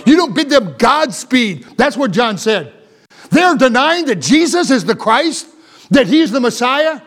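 A man preaching a sermon to a morning congregation as pastor. He is animated and full of asides, repeats words and restarts his sentences. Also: very high voice, measured pace.

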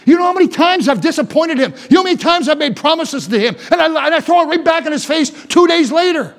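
High-voiced preacher, loud then hushed. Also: male voice, animated, fast, hardly any pauses. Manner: swings between loud exhortation and hushed, intimate asides; stammering restarts, folksy preaching. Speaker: Baptist preacher. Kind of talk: sermon.

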